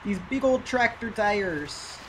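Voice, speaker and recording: Rowdy young Canadian dude, put on by a male gamer, drawling and fairly high, loud engine noise behind. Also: lively intonation, slow. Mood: hyped. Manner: drawling, calls everyone bud. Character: rowdy young Canadian guy hyped on trucks.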